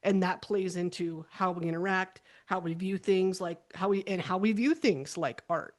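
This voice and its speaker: A woman hosting a casual interview, chatty and quick to laugh. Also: fairly low pitch. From United States. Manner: chatty, animated, laughs easily. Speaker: podcast host.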